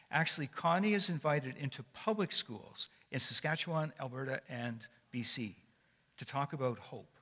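Older man preaching in an echoing hall. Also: mid-range voice. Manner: warm, conversational storytelling with frequent fillers. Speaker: guest speaker. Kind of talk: sermon. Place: church sanctuary. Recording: long echo of a large hall.

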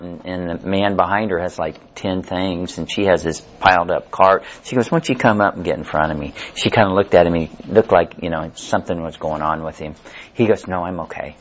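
An older man teaches a Bible study class in a relaxed, conversational way, cracking jokes and acting out little scenes. His voice sits very low, and the recording sounds dull and lo-fi. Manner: conversational, jokey, tells stories with acted dialogue.

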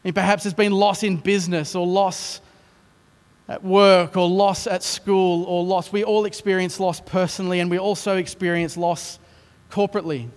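A man with an Australian accent preaching a sermon as a pastor, telling the story in an animated way with self-mocking, joking asides. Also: high-pitched, normal speed, long reverb tail.

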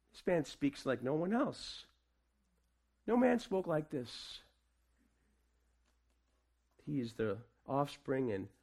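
A man preaching a sermon to his congregation, asking them questions and swinging between quiet, casual asides and raised proclamation. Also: mid-range voice, breathy edge. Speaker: pastor.

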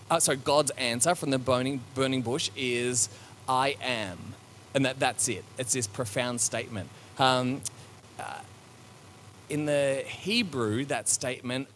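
Speaking in a mid-range voice, a man delivers a sermon to his congregation that feels like thinking out loud: casual, with many fillers, false starts and reflective tangents. He sounds searching and contemplative, with slight background noise behind him.

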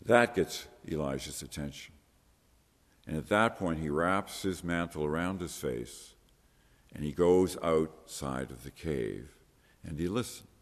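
Deep-voiced man preaching in a hall. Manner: conversational, earnest preaching with rhetorical questions. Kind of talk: sermon.

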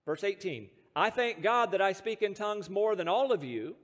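High-voiced American pastor in a reverberant hall. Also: male voice, expressive, moderate pace, fairly bright tone. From United States. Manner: storytelling with self-deprecating humor and chuckles. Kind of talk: sermon.

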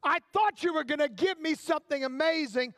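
A high-voiced man playing a blind man in a sermon story, incredulous, complaining, comic exasperation, dry close sound. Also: lively intonation, a little fast, a bit bright, no echo. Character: eager blind man awaiting healing, adult male.

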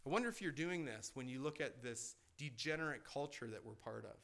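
A man preaching a sermon in a conversational way, asking the congregation questions and shifting between loud emphatic lines and quiet asides. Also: medium pitch, expressive, a little fast, creaky. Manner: conversational preaching with rhetorical questions and repeated restarts. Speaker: pastor.

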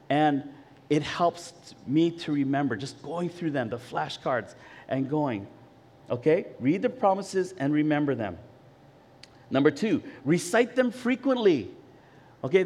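A middle-aged man preaching a casual sermon, telling a personal story in a chatty, animated way with frequent check-ins to the congregation. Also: fairly high pitch. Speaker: pastor.

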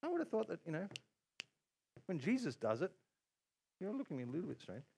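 A man preaching a sermon as pastor, telling a story with quoted asides and bursts of excitement. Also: sits high, fast talker, vocal fry, slight background noise.

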